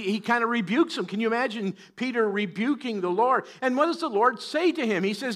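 High, bright-voiced male preacher. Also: brisk, hardly any pauses. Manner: animated preaching, acts out scripture voices. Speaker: pastor. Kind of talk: sermon.

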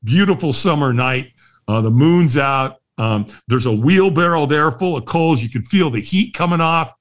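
A middle-aged man spins a story as an interview guest. His fairly high voice rises and falls a great deal. He laughs often along the way. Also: moderate pace. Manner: lively, laughs often, acts out the voices of others. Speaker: guest, firewalk instructor. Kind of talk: animated storytelling in a podcast interview.

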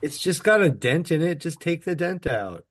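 A man's voice: fairly high pitch, sing-song, normal speed. A man co-hosting a podcast, making blunt wisecracks during a casual watch-along commentary. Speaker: podcast co-host.

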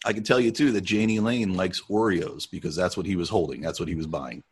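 A man with a low, slightly husky voice co-hosts a casual podcast. He tells stories with animated energy and laughs often. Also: a little fast. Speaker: podcast co-host. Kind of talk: casual chat.

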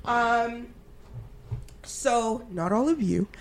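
A woman's voice: fairly high pitch, extremely slow, noisy background. A young adult woman from Canada, co-hosting a podcast in casual chat, candid and emphatic with casual swearing. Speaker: podcast co-host.

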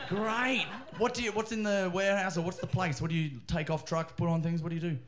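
High, bright man telling comic stories. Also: fairly quick, hardly any pauses. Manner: animated, laughing, swearing, riffing. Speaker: comedian podcast guest. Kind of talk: comic storytelling.

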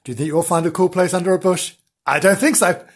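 A man hosting a mock children's story show, over-excited, giggly and rambling, breaking off to joke. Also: high voice, quick pace, husky. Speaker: storyteller host.

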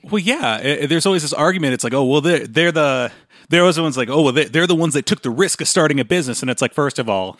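A man's voice: fairly high pitch, lively intonation, fast, a bit bright, no room sound, clean studio sound. A man co-hosting a casual podcast chat, rambling and trailing off with chuckles.

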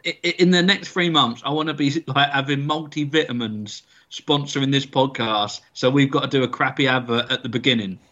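A man's voice: medium pitch, fairly bright tone. Rambling podcast co-host, man, mid voice, dull recording. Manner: laughing, rambling. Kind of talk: casual comedy chat. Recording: dull lo-fi sound.

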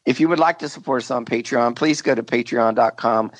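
A man's voice: medium pitch, brisk, no room sound. A man steers the chat with mock seriousness, playing the straight interviewer to his co-hosts. His voice sits close and dry on the mic. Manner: mock-earnest interviewer, egging others on. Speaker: podcast host. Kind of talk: comedic podcast banter.

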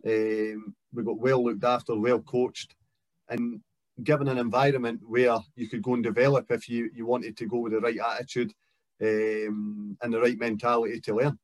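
A man's voice: medium pitch, level tone, normal speed, dry recording. A Scottish man in his thirties, a guest footballer talking in a casual chat, reflective and careful with many fillers. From Scotland.

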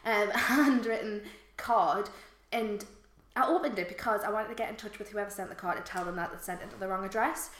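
A woman's voice: mid-range voice, a little fast, a bit bright, reverberant, slight background noise. A woman, co-hosting a podcast in casual chat, telling stories and laughing often. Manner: chatty storyteller, laughs often. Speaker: podcast co-host.

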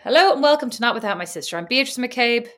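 A woman's voice: fairly high pitch, animated, quick pace, fairly bright tone. A woman co-hosting a podcast in casual chat, telling stories with a teasing, chatty manner. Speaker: podcast co-host.

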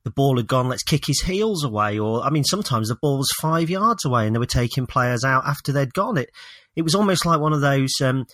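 A man co-hosting a football podcast from his home office, opinionated and a little halting as he talks. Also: mid-range voice, lively intonation, a bit bright, no room sound. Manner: opinionated, hesitant with restarts. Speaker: podcast co-host. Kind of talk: casual football chat.

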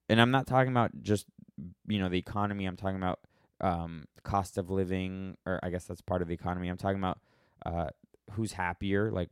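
A somewhat low-pitched American man talks casually on his own podcast, wandering from thought to thought and often cutting himself off mid-sentence. His tone is wry and offhand. The sound is close and dry, with no room around it. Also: a little mellow, clear, resonant tone, no echo. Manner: rambling, self-interrupting, wry. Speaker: podcast host answering questions. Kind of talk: casual solo podcast chat.

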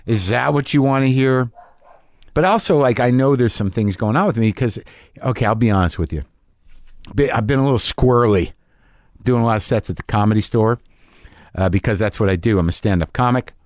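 A man's voice: mid-range voice, expressive, moderate pace, no echo, clean studio sound. A middle-aged man, a stand-up comic and host, telling a candid, profane story and acting out both sides of an argument.

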